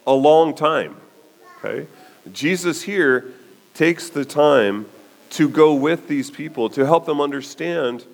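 A man preaching a sermon as a pastor, telling the story with animated delivery and often checking in with "okay?". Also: a little high, a little slow.

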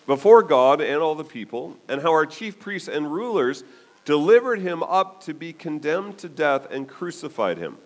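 A male pastor delivering a sermon in a slightly high voice. His delivery is animated, with pitch swinging widely as he retells a story. He keeps checking in with his listeners by asking "okay?".

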